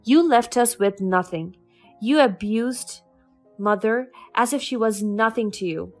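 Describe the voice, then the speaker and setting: A woman's voice: a little high, a little slow. A woman voicing a defiant young woman who speaks to her estranged father in a cutting, firm way, over faint background music.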